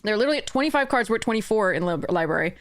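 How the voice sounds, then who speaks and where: A woman's voice: medium pitch, animated, racing, faint music behind. A young adult woman streaming a card game, talking to herself in frustration, swearing and laughing in exasperation. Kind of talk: livestream game commentary.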